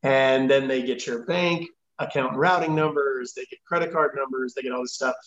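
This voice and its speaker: A man's voice: medium pitch, steady tone, moderate pace, fairly bright tone, roomy sound, highs cut off. A man on a podcast as a consumer advocate guest, explaining scams at length and acting out the callers' lines, with many fillers. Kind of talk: podcast interview answers.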